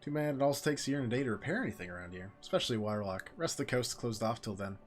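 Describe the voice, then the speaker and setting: A man's voice: medium pitch, lively intonation, racing, soft background music, natural voice. A man reading the lines of an easygoing burly man lounging by a canal lock in a video game, offhand and laid-back. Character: easygoing burly male dock loafer.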